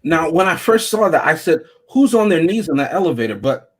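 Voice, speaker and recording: A man's voice: fairly high pitch, normal speed, slightly rough. A man co-hosting a casual podcast chat, rambling and joking as he talks. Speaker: podcast co-host.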